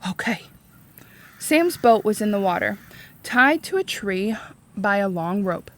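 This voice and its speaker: A woman reading a chapter book aloud for a read-along, expressive and explaining the story in simple terms. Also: medium pitch, measured pace.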